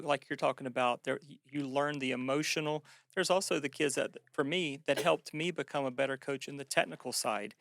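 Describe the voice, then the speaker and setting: A man's voice: medium pitch, gravelly, fairly bright tone, no room sound, studio quality. A man who is a guest gymnastics coach, talking in a thoughtful, casual conversation.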